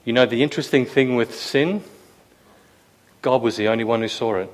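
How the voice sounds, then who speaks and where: A little background noise sits under this mid-range male voice, which moves at normal speed. He's giving a casual, conversational sermon to a roomful of people, putting questions to them and performing quoted lines loudly.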